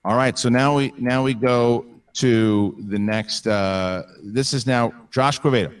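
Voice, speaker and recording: Brisk trivia host on a distant mic. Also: male voice, medium pitch, clean tone. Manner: brisk, rapid-fire officiating, repeats key phrases. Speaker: trivia match host and referee. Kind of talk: live-streamed trivia commentary.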